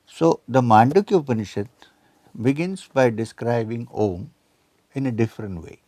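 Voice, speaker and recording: A man's voice: medium pitch, animated, normal speed, warm tone, no room sound. Lecturing man in his seventies. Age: 70s. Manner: quotes scripture and Sanskrit, asks the audience questions. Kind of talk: spiritual lecture.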